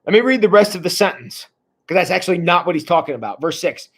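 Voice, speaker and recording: High-voiced man leading a wry Bible study. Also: animated, quick pace. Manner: casual and wry, with frequent restarts and chuckles. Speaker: church Bible teacher.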